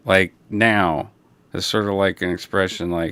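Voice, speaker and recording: A man hosting a livestream, chatting casually and rambling in a relaxed way, talking through a broadcast console. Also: deep voice, a little slow, background noise. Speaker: livestream host. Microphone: broadcast console setup.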